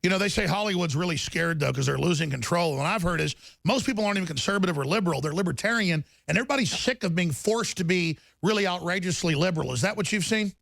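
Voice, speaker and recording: A man hosting political talk radio, ranting in heated bursts with a gravelly voice. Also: sits high, expressive, quick pace, hardly any pauses, no room sound. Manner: fiery, ranting, shouting bursts. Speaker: radio talk show host.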